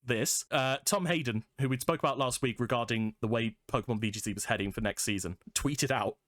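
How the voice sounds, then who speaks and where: A man's voice: mid-range voice, brisk, fairly bright tone, no room sound, clean studio sound. A man hosting a casual gaming podcast, joking and laughing often as he tells stories. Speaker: podcast host.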